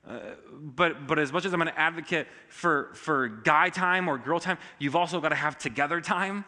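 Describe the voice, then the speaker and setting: A male pastor preaching a sermon in a church auditorium, emphatic, with sudden rises in pitch and loudness. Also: normal speed, in a large hall.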